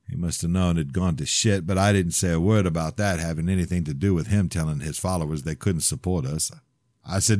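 A man reading his own novel aloud in measured first-person narration. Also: deep voice, darkish tone, no room sound, clean studio sound. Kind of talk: audiobook narration.

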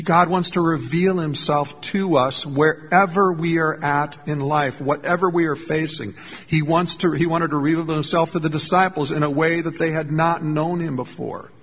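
A pastor delivers a sermon in a slightly high, husky voice, earnest and storytelling, leaning on key lines by slowing down. His voice rings with the long reverb of a church sanctuary. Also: a bit bright.

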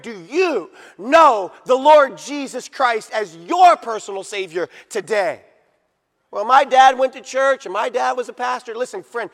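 A man preaching a sermon with fervent emphasis, swinging between loud declarations and low, drawn-out phrases. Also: in a large hall.

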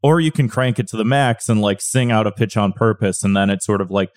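A man's voice: on the low side, a little fast, no echo, clean studio sound. A man hosting a podcast, chatting casually in a loose, profane way with many filler words. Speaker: podcast host.

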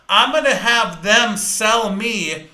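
Brief: energetic male sales coach, high bright voice, punchy and fast, roomy echo. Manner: fast-talking, energetic, emphatic. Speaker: sales trainer. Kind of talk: live training talk.

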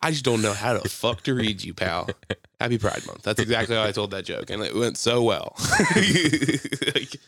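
A man with a fairly low, creaky voice talks at a moderate pace in clean studio sound with no room noise, recorded indoors. Co-hosting a casual podcast, he's an animated storyteller who swears a lot and acts out quotes.

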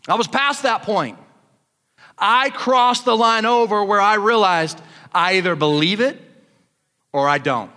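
Pastor guy preaching hard, high bright voice, big hall echo. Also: unhurried, pauses often. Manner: fervent preaching that builds to shouting. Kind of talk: sermon.

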